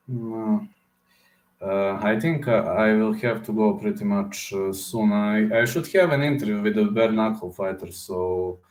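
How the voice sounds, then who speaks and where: A man from Serbia, hosting a casual livestream with a hoarse throat and often pausing to search for words. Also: on the low side, reverberant. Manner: halting, searching for words, many fillers. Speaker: livestream host answering chat.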